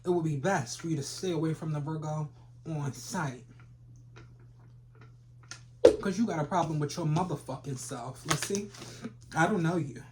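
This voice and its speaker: A tarot reader talks over an audible layer of background noise and clicks. The delivery is loose and profane, full of trash talk aimed straight at viewers. The voice sits at a middle pitch. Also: normal speed, long pauses. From Philadelphia. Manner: brash and profane, trash-talking with sudden laughs. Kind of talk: casual tarot reading for viewers.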